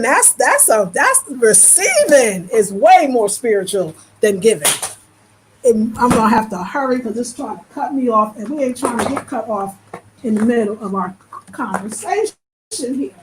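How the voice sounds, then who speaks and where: A woman's voice: fairly high pitch, expressive, moderate pace, reverberant, noisy background. A woman vlogger talking casually to her viewers in an emphatic, preachy way, addressing them as y'all from a room indoors.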